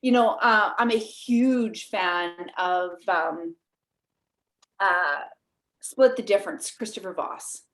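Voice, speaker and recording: Woman, canadian accent, podcast guest, chatty, lively. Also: mid-range voice, slow. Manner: animated, chatty, laughs often. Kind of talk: casual interview.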